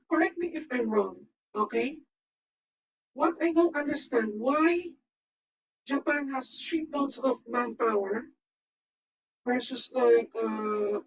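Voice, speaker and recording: A woman streamer speaks through a voice changer filter, her high voice drawn out slowly as she rambles and swears in excited live commentary. She slurs her words at times. The mic sits some distance away, with faint music playing underneath. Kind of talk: live stream reaction chat.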